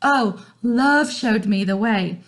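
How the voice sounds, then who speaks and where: A woman's voice: fairly high pitch, takes it slowly. A woman voicing Romeo as a lovestruck, dramatic teenage boy, speaking in a mock-swooning, over-the-top romantic way.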